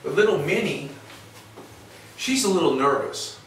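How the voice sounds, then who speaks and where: Recorded roomy and distant, with faint noise, in a clinic exam room, a male veterinarian gives an instructional demonstration. He speaks unhurriedly in a slightly high, fairly bright voice with lively intonation, folksy and rambling, often restarting.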